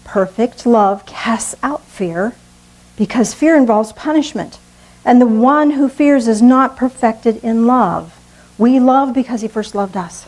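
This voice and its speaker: A woman preaching a sermon, slow and earnest, with dramatic pauses. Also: fairly high pitch, darkish tone, low-quality recording. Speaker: pastor.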